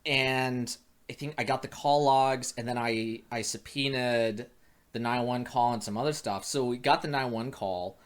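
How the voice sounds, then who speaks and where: A man's voice: mid-range voice, moderate pace. A man working as a private investigator, telling a long story in casual chat and acting out the dialogue, with many restarts. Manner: animated, acts out quoted dialogue with many restarts.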